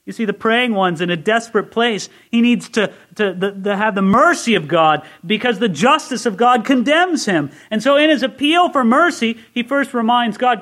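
Guy preaching a sermon, pretty high voice, earnest, goes quiet then gets loud and emphatic. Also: expressive, moderate pace, hardly any pauses. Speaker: Bible teacher. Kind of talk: expository sermon.

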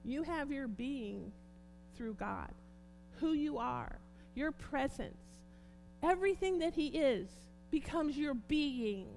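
A woman preaching a sermon and reading scripture aloud, moving from hushed tones to loud shouts. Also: sits high, animated, takes it slowly, vocal fry, a little hiss or hum, rough recording. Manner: passionate, swings from hushed to shouting.

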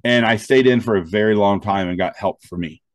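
A man's voice: on the low side, fairly quick. A man, a stand-up comedian, telling stories in an interview, full of quoted dialogue and frequent "um" fillers. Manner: animated anecdotes with quoted dialogue. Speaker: guest, stand-up comedian and show host. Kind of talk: storytelling interview talk.

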